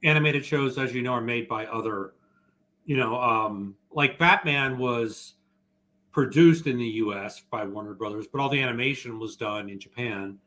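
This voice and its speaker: Halting man with a bright voice. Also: mid-range voice. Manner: halting, eats while talking. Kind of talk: casual livestream chat.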